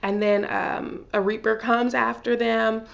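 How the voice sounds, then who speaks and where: A woman chatting excitedly through a TV episode recap, full of fillers and gushing asides. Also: medium pitch, measured pace, gravelly, lo-fi sound. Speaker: TV recap vlogger. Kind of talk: casual TV recap.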